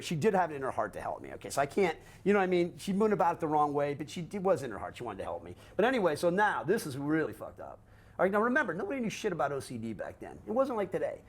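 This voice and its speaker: An older man telling his own story in a rapid, profane way, acting out what others said to him. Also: a little high. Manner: fast, animated, swearing often, acting out quotes. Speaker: guest recounting his life.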